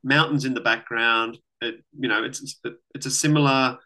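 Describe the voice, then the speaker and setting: A man co-hosting a podcast in relaxed, rambling, sweary casual chat. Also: medium pitch, normal speed. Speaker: podcast co-host.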